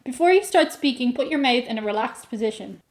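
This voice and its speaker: Her voice is a little high, expressive, and fairly quick. She's a vlogger with an Irish accent, casually joking to camera, reading things aloud and riffing on them in a playful, self-mocking way.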